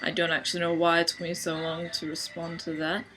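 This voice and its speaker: A young woman from Sydney with an Australian accent, talking casually to her camera in a deadpan, dry way. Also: fairly low pitch, fairly quick, over music, rough recording. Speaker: vlogger. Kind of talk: casual accent-challenge video.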